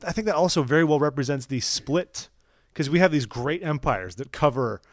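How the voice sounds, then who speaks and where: A man's voice: on the high side, animated, fairly quick, no echo, clean studio sound. A man hosting a casual scripture discussion podcast, playful and jokey, thinking aloud as he goes. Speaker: podcast host.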